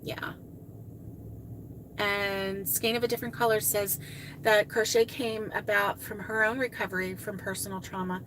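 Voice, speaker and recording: Hosting a crochet live stream, a woman chats casually and reads viewer comments, frequently gushing and exclaiming. Her medium-pitched voice is fairly bright with a level tone and moderate pace, and there's slight background noise.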